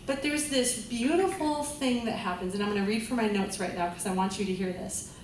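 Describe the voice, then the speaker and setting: This is a mid-range female voice, fairly quick, with slight background noise around it. She's a vocal coach running a group class, chatty, full of enthusiasm and frequently laughing, in a large room. The recording is echoey, picking her up from afar.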